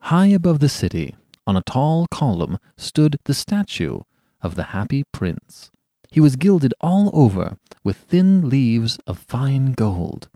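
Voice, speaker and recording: A man reads a classic story aloud in a measured, expressive way. His pitch moves a lot as he shapes each sentence. The sound is close and dry, with no room echo. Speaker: podcast narrator. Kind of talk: scripted storybook narration.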